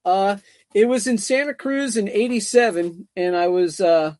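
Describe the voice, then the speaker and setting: A man's voice: sits high, measured pace, a little mellow, dry recording. A middle-aged man telling his story as an interview guest, rambling with many repeats and fillers.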